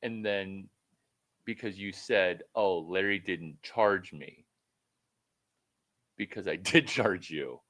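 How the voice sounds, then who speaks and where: A man with a fairly low voice talks through a one-on-one coaching call. He is blunt and swears freely. He rambles, then jumps into sudden loud bursts. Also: slow pace, long pauses. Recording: phone call.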